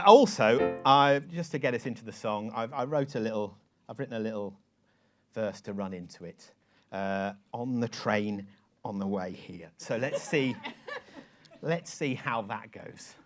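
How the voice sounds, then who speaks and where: A man with a lively storytelling manner, telling an anecdote on stage to a live audience and leading a sing-along. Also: mid-range voice, a little slow, soft background music. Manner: lively storyteller, quoting emails in voices. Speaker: songwriter giving a talk. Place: event hall with live audience.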